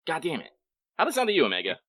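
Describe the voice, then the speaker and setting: A man's voice: on the high side, huge pitch swings, very fast, fairly bright tone, slightly rough, no echo. A man co-hosting a casual live-streamed podcast, joking around and swearing freely. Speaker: podcast co-host.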